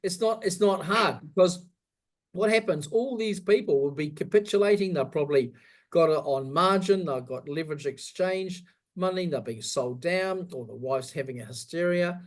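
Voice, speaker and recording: A man hosting a casual chat, animated and blunt, telling stories and swearing. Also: fairly high pitch, normal speed. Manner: animated storyteller who swears and acts out voices. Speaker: host.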